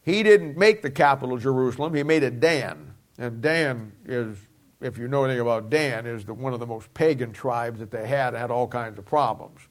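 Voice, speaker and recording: A middle-aged man preaching a Bible teaching sermon, emphatic and repeating key phrases, dropping quieter at times. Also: medium pitch, moderate pace.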